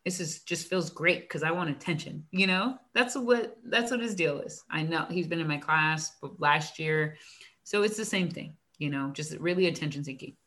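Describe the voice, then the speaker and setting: A young woman, a teacher, chatting casually and acting out her students and herself in animated stories. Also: deep voice, normal speed. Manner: animated storytelling, acts out student dialogue, frequent "like". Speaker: elementary school teacher. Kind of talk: casual chat.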